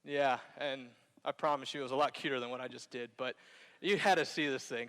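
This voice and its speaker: A man's voice: medium pitch, fairly even intonation, brisk, a bit bright. Guy vet telling a goofy war story on stage, jokey, acts it out, big echoey hall. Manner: playful, jokey, acts out scenes. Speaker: Marine veteran telling his story on stage. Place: theater stage. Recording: hall reverb.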